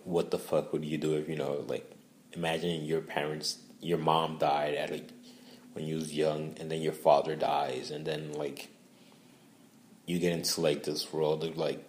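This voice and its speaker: A man's voice: a bass voice, darkish tone. A young man, rambling casually and profanely in a laid-back monologue.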